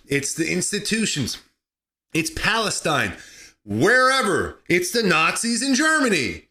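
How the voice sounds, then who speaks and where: A man hosting a comedy podcast, talking sarcastically and excitably, laughing at his own jokes. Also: high-pitched, moderate pace. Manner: sarcastic, excitable, mock-outraged asides. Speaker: podcast host.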